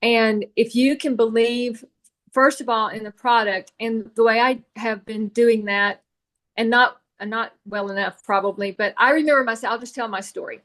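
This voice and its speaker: A woman's voice: on the high side, fairly even intonation, normal speed, fairly bright tone. A woman who leads a sales team, sharing her experience in a group call in a reflective, storytelling way with frequent fillers. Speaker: direct sales team leader.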